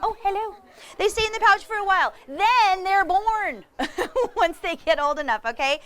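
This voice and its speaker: Lively high-voiced woman wildlife educator. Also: normal speed, a faint crowd. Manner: animated, laughing, talks to the audience directly. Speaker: wildlife educator with animal ambassadors. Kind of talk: lively presentation to kids.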